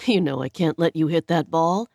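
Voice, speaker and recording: Brief: woman reading a smug, charming rich guy, low-pitched teasing tone. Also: normal speed, vocal fry, dark tone, no echo, clean studio sound. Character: charming wealthy teasing young man.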